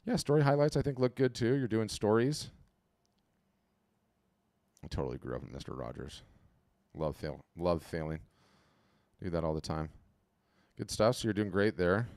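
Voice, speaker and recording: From home over a video call, a low-voiced man hosts a live webinar where he audits artist profiles, giving casual feedback on the fly. His chatty, animated talk moves at a moderate pace with frequent pauses, repetitions, and restarted sentences, and his close mic sounds dry.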